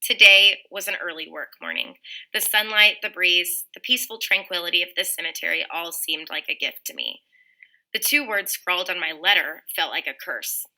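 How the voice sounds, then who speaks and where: Woman narrating a first person audiobook, really bright sharp tone, lowish voice, earnest, trips up now and then. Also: moderate pace, rough recording. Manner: earnest, reads with small slips and restarts. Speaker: audiobook reader.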